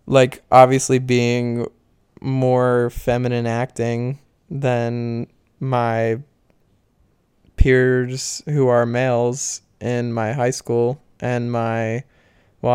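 A man's voice: medium pitch, darkish tone, smooth, dry recording, studio quality. A young man talking casually to his viewers, candid and rambling, laughing often and swearing as he vents. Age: young adult. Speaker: vlogger. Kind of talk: casual talk to camera.

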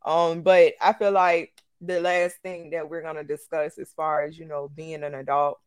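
A woman in her twenties or thirties co-hosting a casual podcast chat, with speech, animated and acting out quotes. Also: deep voice, moderate pace, smooth. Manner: animated, acts out quotes, frequent laughs. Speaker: podcast co-host.

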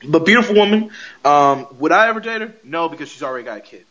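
A man's voice: on the high side, expressive, fast talker, a crowd in the background. Young guy hosting a sports podcast, rambles and stutters, laughs at his own bits, muffled recording. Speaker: podcast host. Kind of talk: casual sports podcast monologue. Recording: lo-fi podcast audio.

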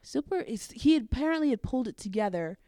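A young woman, a guest on an interview show, telling a story casually and acting out what people said with big swings in pitch. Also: fast talker, dry recording, studio quality. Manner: animated, acts out quotes with big jumps in pitch.

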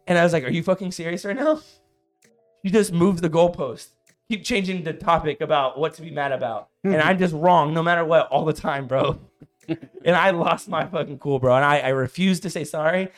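A man in his thirties co-hosting a casual podcast, telling a story in an animated way, getting loud and worked up, saying "bro" a lot. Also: on the high side, fairly quick, faint music behind. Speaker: podcast co-host.

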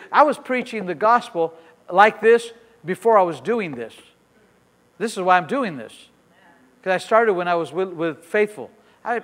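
Middle-aged man, pastor; high-pitched, emphatic sermon delivery, long reverb. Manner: emphatic preaching that swings between soft asides and loud declarations. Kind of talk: sermon with personal stories.

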